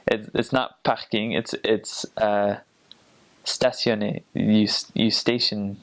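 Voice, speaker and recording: A man's voice: fairly low pitch, flat delivery, slow. A young man, a returned missionary, telling stories in a casual, chatty way, often laughing and stopping to restart his sentences. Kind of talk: casual storytelling.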